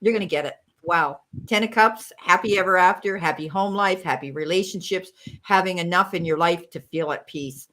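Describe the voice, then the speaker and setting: A woman's voice: on the low side, moderate pace. American woman giving live tarot readings. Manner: warm, reassuring, calls viewers sweetheart and honey. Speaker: tarot reader and medium, live stream host.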